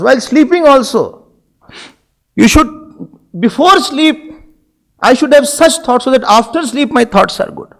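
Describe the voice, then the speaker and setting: Indian-accented man preaching, high lively voice, storyteller who acts out the dialogue. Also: normal speed, gravelly. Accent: Indian English. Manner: animated storytelling, voicing figures in dialogue. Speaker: spiritual teacher. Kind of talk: sermon.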